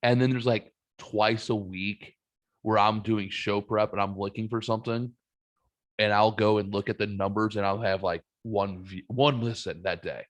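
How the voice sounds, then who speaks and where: A man's voice: fairly low pitch, normal speed. Self-deprecating male podcast host. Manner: self-deprecating, swears freely, animated venting. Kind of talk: casual chat.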